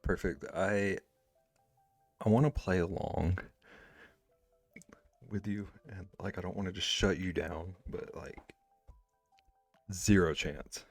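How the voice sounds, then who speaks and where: A male streamer with a very low voice chats casually with his viewers, teasing and easygoing. Now and then he drops into quiet asides. The sound is dry and close, with faint music underneath. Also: takes it slowly, pauses often, no room sound. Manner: laid-back, teasing, drops to soft asides. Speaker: livestreamer.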